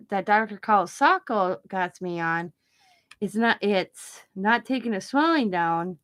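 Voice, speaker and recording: A middle-aged woman, a craft channel host, telling a story in casual, chatty talk that rambles, restarts sentences and often breaks into giggles. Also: medium pitch.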